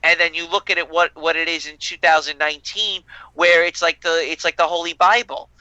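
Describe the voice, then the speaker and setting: High, bright-voiced man ranting. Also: fairly even intonation, a little fast, no echo, highs cut off. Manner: emphatic, profane ranting. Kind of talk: casual chat.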